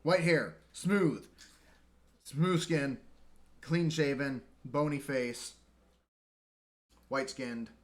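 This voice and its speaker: A man runs a tabletop game as game master, narrating in a relaxed, easygoing way. His pace is slow. His voice sits at a middle pitch. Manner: relaxed, checks notes while narrating.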